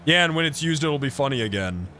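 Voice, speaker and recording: A man streaming live, chatting casually with an excitable, profane manner and mock-outraged outbursts. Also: medium pitch, fast, a little hiss or hum.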